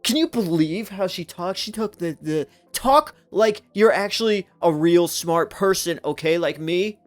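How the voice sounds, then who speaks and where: A man's voice: high-pitched, animated, a little slow, faint music behind, voice pushed up. A man voicing a sneering, indignant know-it-all critic in a mocking tone.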